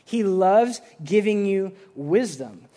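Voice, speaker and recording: A young man in his twenties preaching a casual sermon, telling stories with lots of "like" and acting out quick voices. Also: high-pitched. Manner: animated storytelling, acts out voices, filler "like". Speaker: pastor.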